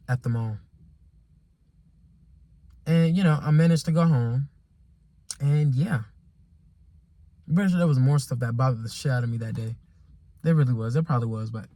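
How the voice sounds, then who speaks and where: A man's voice: medium pitch, dark tone, no echo. A young man vlogging a casual storytime monologue, rambling and repeating himself with exasperation and slang.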